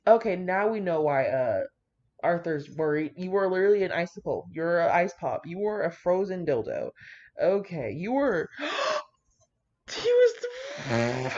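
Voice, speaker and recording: A woman's voice: medium pitch, big pitch swings, a little slow, a little mellow, dull audio. Giggly, foul-mouthed young woman vlogger. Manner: giggly, profane, gushing asides. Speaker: vlogger reading fan fiction aloud. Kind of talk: casual reading and reacting.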